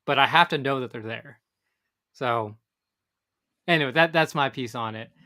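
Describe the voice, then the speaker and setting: A man's voice: mid-range voice, normal speed, pushed and bright. A man, co-hosting a casual fishing podcast and talking in a rambling way with many restarts. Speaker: podcast co-host. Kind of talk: casual chat.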